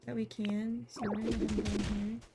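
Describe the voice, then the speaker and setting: A woman's voice: mid-range voice, little pitch movement, moderate pace. A young woman casually chatting while streaming a game, cooing baby talk at her cat and swearing now and then. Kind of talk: casual livestream chat. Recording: game music playing underneath.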